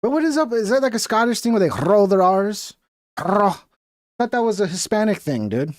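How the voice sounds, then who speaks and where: A man's voice: high-pitched, sing-song, fast, darkish tone, dry recording, studio quality. A man hosting a stream, chatting casually and rambling with slangy asides while reacting to clips. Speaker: streamer host.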